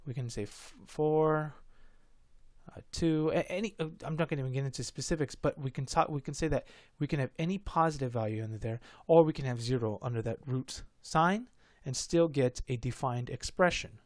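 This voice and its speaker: A man's voice: mid-range voice, fairly quick, dry recording, clean studio sound. Stuttering, rambling male math tutor. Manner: rambling, stuttering, self-correcting. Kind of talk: casual math lesson.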